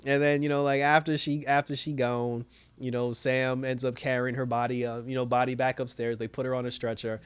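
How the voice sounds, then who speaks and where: A man giving a casual, rambling recap and review of a TV episode, excitable, with lots of fillers and laughing. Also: mid-range voice, fairly quick, smooth. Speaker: show reviewer.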